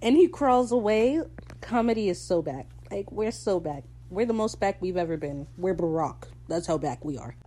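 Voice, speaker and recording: A young woman giving a casual, excitable episode recap, swearing freely and laughing often. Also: lowish voice, normal speed, few pauses, a little hiss or hum. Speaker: show recap host.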